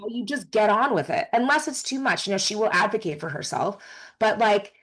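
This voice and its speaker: A woman's voice: mid-range voice, rough recording. Effusive woman actor chatting as a guest. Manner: effusive and animated, quick asides and jokes. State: briefly emotional, close to tears. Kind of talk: casual interview chat.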